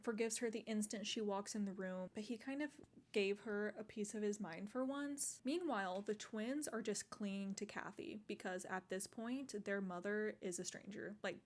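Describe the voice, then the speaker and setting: A woman's voice: medium pitch, moderate pace. A woman talking through a novel she is reading in a casual vlog. She is chatty and exclamatory, with a mid-range voice and plenty of "like" fillers. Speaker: book vlogger. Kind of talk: casual book recap vlog.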